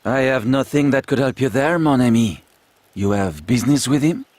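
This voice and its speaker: An actor playing a proud, flattering gunsmith with a French accent, in a video game. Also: male voice, medium pitch, moderate pace, dry recording, lightly acted. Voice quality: fawning, theatrical salesman manner.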